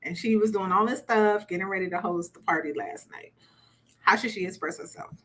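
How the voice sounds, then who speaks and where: A woman's voice: mid-range voice, a little fast, a bit bright, slight background noise. A woman teaching a conversational relationship workshop, chatty and repeating words for emphasis. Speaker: relationship coach.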